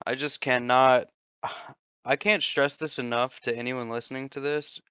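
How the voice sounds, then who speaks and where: A man's voice: medium pitch, a little slow, smooth, dry recording. A man in his twenties hosting a casual podcast, swearing freely and acting out quotes as he tells stories. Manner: profane, animated storyteller who acts out quotes. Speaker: podcast host. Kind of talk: casual chat.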